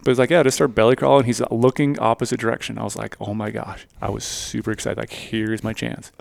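A man co-hosting a hunting podcast, telling a hunting story in lively casual chat and acting out his own thoughts. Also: medium pitch, fast, gravelly, no room sound. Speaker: podcast co-host and hunter.

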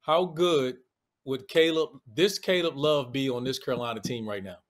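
A man with a D.C. accent talking college basketball in a playful, animated podcast chat, quick to tease his co-hosts. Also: medium pitch. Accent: Washington D.C. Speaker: basketball analyst. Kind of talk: casual sports chat.

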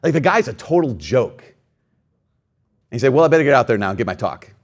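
A male priest delivering a homily in an ordinary mid-pitched voice. He tells personal stories, jumps into lively quoted voices, and pokes fun at himself. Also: moderate pace. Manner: storytelling, animated quoted voices, self-deprecating.

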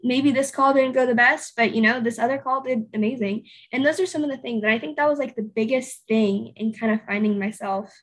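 A young woman of eighteen, a podcast guest, talks in a loose, chatty way, full of "like" and "you know". Her voice sits fairly high and has a soft, breathy edge. She keeps slipping into quoting her own past thoughts. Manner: chatty, filler-heavy storytelling with acted-out inner quotes. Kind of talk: casual interview conversation.

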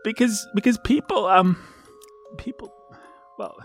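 A man's voice: sits high, faint music behind. A man playing a stammering nervous young suitor. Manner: stammering, halting, laughing nervously. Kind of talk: audio drama acting.

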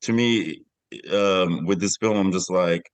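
A man's voice: deep voice, a little slow, dry recording. A middle-aged man, a film director, answering interview questions reflectively with frequent restarts.

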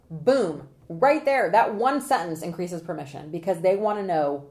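Her voice is lowish, with a moderate pace and few pauses. As a trial consultant and presentation coach interviewed on a podcast, she's energetic and animated, laughing while acting out jurors' quotes.

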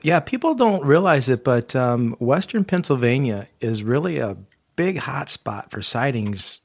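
A man's voice: mid-range voice, unhurried, creaky, dry recording. Conversational male host, dry sound. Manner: relaxed, conversational, asks follow-up questions. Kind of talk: casual interview chat.

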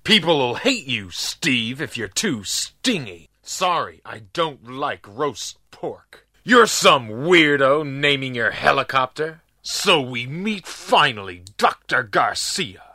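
A man's voice: medium pitch, very animated, slow, hardly any pauses, bright, forceful tone, dry recording, clean studio sound, heavily acted. A man playing a hammy retro game action hero. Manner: over-the-top stiff delivery. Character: over-the-top male American action hero.

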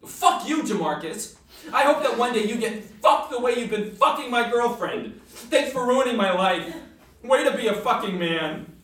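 A man's voice: high-pitched, animated, fairly bright tone. An actor playing a flustered, heartbroken male troop leader who swings into frantic outbursts. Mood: furious. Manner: frantic, emotional, quick to outbursts. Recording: very echoey, distant-mic recording.

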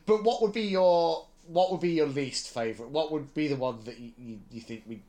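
A man's voice: on the high side, brisk, mellow. A man co-hosting a podcast in casual chat, hesitant and self-deprecating, laughing easily. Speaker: podcast co-host.

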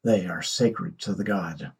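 A man voicing a calm, mysterious god in disguise who speaks quietly and without concern. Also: low-pitched, a little slow, gravelly, slightly rough, full character voice.

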